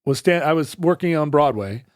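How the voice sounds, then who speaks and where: A man's voice: a little high, expressive, normal speed, no echo, clean studio sound. A man co-hosting a podcast, telling rambling stories in casual chat with many restarts. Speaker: podcast co-host.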